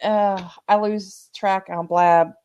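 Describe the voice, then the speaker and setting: A woman on a video call heaping warm encouragement on another participant, effusive and upbeat. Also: mid-range voice, fairly even intonation, slow, very noisy. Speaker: supportive chat participant. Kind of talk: casual video group chat.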